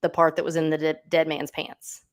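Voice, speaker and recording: A woman's voice: low voice, monotone, fairly quick. A woman hosting a livestream, telling a true-crime story in a casual, chatty way with lots of asides. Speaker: host.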